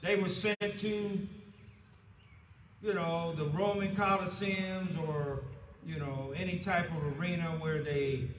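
A man with an American accent preaching a sermon in a church, building to loud, drawn-out emphasis on key words. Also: high voice, fairly even intonation, a crowd in the background. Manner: preaching with rising emphasis and slow drawn-out stresses. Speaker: pastor. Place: church sanctuary. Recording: echoey church from a distant mic.

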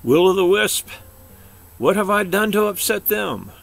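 A man's voice: sits high, expressive, measured pace, gravelly, pitched above the performer's own voice, heavily acted. A man voicing a frightened, timid male bear who pleads in a quivering voice. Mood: scared pleading.

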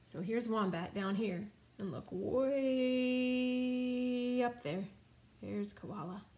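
A woman with a fairly high voice reads a children's picture book aloud. She stops often to chat and quiz her young listeners in a friendly read-aloud style. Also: drawn-out words, mellow, slight background noise. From United States. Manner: chatty, asks listeners questions. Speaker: storybook reader.

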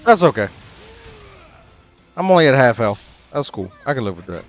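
A young adult man commenting on his own ranked matches, swearing often and breaking into loud, exasperated outbursts. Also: mid-range voice, sing-song, moderate pace, faint music behind. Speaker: gaming channel host.

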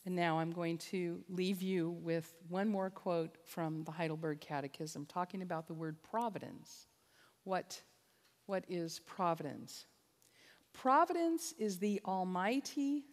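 A woman preaching a sermon-style talk as a conference speaker, impassioned and emphatic, leaning on repetition. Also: on the low side. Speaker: conference speaker and biblical counselor. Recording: long reverb of a large hall.

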